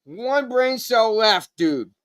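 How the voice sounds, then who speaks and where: A man's voice: extremely high pitch, expressive, slow pace, fairly bright tone, clear, resonant tone. A man chatting casually on a live stream, rambling and swearing while stoned. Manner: rambling, swearing, laid-back. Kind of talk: casual chat.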